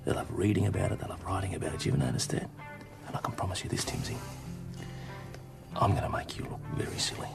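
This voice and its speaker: A deep, gravelly Australian cop. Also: male voice, expressive, fast talker, over music, heavily acted. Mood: menacing. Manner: dry, sardonic, quietly threatening. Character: dry-witted male country police constable.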